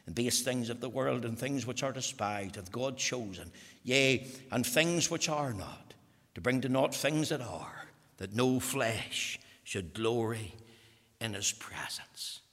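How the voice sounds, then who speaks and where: A man preaches with fervour, his bright, sharp voice ringing through a reverberant hall. He drops to near-whispers, then rises into loud, high-pitched appeals. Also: animated, unhurried. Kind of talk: fiery evangelical sermon. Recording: echoey hall.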